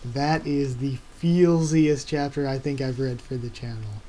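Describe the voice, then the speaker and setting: A man hosting a casual live reaction, reading a comic chapter aloud and gushing with excitement. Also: mid-range voice, measured pace. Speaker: YouTube reaction host.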